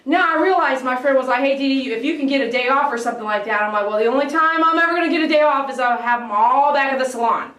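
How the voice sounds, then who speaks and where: Animated woman in an echoey salon. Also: high-pitched, fast, few pauses, distant mic. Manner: animated storytelling, imitates barking dogs, laughs often. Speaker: dog groomer. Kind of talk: casual livestream chat. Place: grooming salon. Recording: echoey room, voice off-mic.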